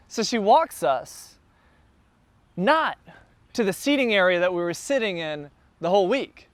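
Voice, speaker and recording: A man who is a church planter, telling a casual, animated story to a group gathered in a backyard. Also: high-pitched, unhurried, dry recording. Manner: animated, builds excitement as the story goes on. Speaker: church planter addressing his launch team.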